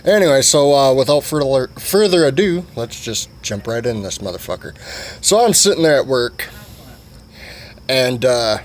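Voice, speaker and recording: A man's voice: mid-range voice, lively intonation, moderate pace. A man vlogging a comic story in a rambling, profane way with many fillers.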